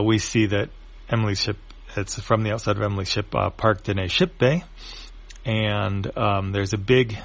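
A man reading a comic aloud panel by panel, in a casual, halting way. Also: lowish voice, gravelly. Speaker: comic reader.

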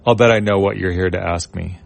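A man's voice: deep voice, steady tone, quick pace, creaky, dry recording. A man voicing a cheerful young woman in a comic story reading. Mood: bright.

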